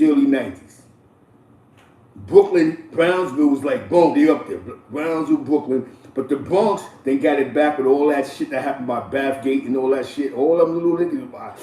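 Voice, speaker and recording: A man hosting casual street storytelling, talking loosely with slang, repeats and frequent shout-outs. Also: medium pitch, far from the mic. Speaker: host. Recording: echoey room, voice a bit off-mic.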